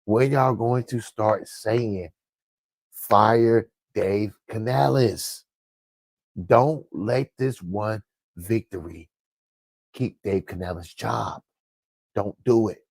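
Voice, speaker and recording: A man's voice: fairly low pitch, slow, gravelly, a little mellow, no room sound. A man delivering blunt, profane fan commentary, ranting emphatically. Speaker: sports commentator vlogger.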